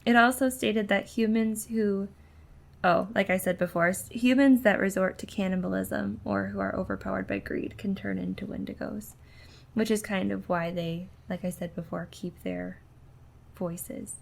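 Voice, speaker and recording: A young woman co-hosting a podcast, chatting casually and reading a passage aloud haltingly, with many ums and restarts. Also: mid-range voice, steady tone, creaky. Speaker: podcast co-host.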